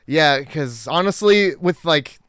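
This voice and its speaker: A man co-hosting a movie podcast in casual chat, animated and laughing often. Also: a little high, takes it slowly, very noisy. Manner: animated, laughs often, puts on silly voices. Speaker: podcast co-host.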